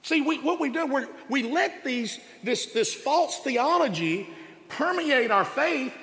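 A man preaching an impassioned sermon, emphatic and full of rhetorical questions that build to loud exclamations. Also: very high-pitched, animated, slow. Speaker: preacher and radio show host. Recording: echoey hall with long reverb.

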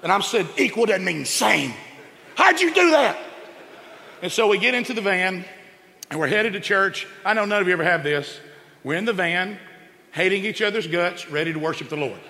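Animated male comedian in a big hall. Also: a little fast, creaky, a little hiss or hum. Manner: animated, acts out quoted voices with big pitch jumps. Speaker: stand-up comedian. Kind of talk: stand-up storytelling.

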